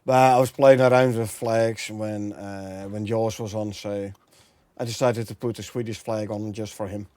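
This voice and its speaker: A man's voice: on the low side, steady tone, normal speed, a little mellow, no echo. A man from the Netherlands with a Dutch accent, streaming a game and chatting with viewers, thinking aloud and laughing often. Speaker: gameplay streamer. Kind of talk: casual live-stream commentary.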